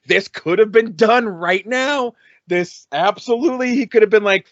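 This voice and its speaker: A middle-aged man co-hosts a comedy album review podcast with a fairly high voice. He swears freely and laughs his way through animated stories. The recording is dry and a bit dull. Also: normal speed, no room sound. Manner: animated, profane, laughing storyteller. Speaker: podcast co-host.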